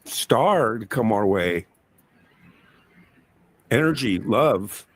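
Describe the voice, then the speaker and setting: A man hosting a livestreamed card reading, speaking in slow, mystical phrases about energy and signs. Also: on the low side, expressive. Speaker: card reader.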